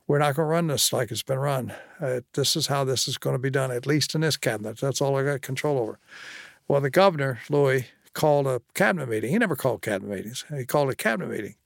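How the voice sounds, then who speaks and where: Older man, gravelly, anecdotal storyteller, dry studio sound. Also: mid-range voice, expressive, fast talker, no room sound. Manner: plainspoken anecdotal storyteller, quotes others. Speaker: former state official and guest. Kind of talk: storytelling interview.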